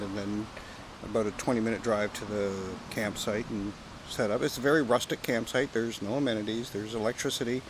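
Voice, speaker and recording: A man from Canada chatting casually outdoors at a campsite, rambling and joking with some profanity. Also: fairly low pitch. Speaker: pipe-smoking vlogger. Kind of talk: casual outdoor vlog chat. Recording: outdoor recording with clear wind and background noise.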